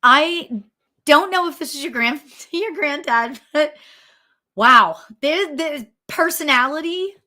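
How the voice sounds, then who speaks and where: A woman working as a medium, giving a chatty, excitable spirit reading full of fillers and restarts. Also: high voice, slow pace. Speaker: psychic medium. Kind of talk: live spirit reading for viewers.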